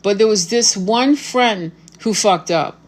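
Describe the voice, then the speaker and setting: A woman's voice: mid-range voice, takes it slowly. A woman tarot reader talking to camera in a casual monologue, blunt and confrontational, swearing freely and using spiritual vocabulary.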